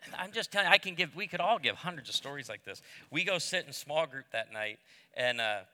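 A man's voice: fairly high pitch, expressive, a little fast, bright, forceful tone, big-room sound. A middle-aged man preaching on marriage to a live audience, telling stories with humor and self-deprecating asides. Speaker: pastor speaking on marriage. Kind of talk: sermon-style talk to a live audience.

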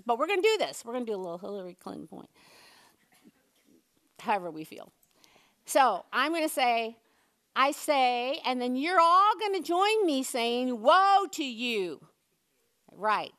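A woman giving a lively, playful sermon, chatting with the congregation and leading them in call-and-response. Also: a little high, normal speed, pauses often. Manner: playful, chatty, uses props and leads the room. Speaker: church speaker.

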